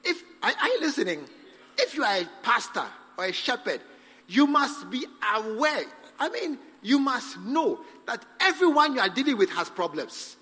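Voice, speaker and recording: A man's voice: very high voice, sing-song, normal speed, bright, forceful tone, breathy edge. A man preaching a sermon as pastor, emphatic, calling for responses from the congregation and acting out little dialogues. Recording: long hall reverb.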